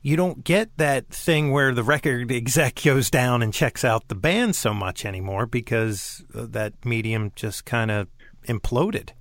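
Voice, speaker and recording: A man's voice: medium pitch, expressive, measured pace, a bit bright, no room sound. A man hosting a podcast, chatting casually and animatedly with frequent laughs. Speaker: podcast host. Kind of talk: casual interview chat.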